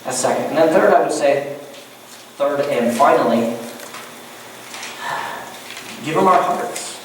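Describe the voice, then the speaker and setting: Animated male pastor in an echoey church. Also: a little high, takes it slowly, a little hiss or hum. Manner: animated, joking asides. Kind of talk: sermon. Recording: echoey church room from far off.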